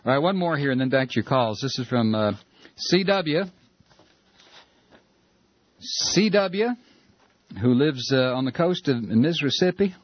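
A man hosting a talk radio show, reading listener emails in a casual, halting way with many fillers. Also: mid-range voice, expressive, no room sound, dull audio. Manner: hesitant, many uh fillers and restarts.

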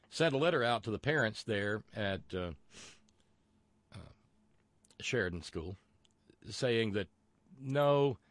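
A man's voice: on the low side, no room sound. A man hosting a call-in radio talk show, chatty and rambling with many fillers and restarts, and wry asides.

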